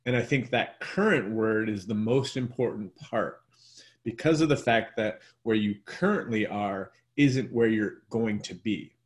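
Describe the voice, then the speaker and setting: A man hosting a casual faith talk, speaking in a reflective, thoughtful way. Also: mid-range voice. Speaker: faith discussion host.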